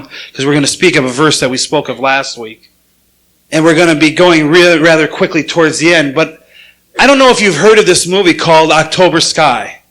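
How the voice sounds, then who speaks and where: A man's voice: a little high, fairly bright tone, low-quality recording. A man preaching a sermon in a church, telling a story in a conversational way and acting out quoted lines in a raised voice. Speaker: pastor. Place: church sanctuary with congregation.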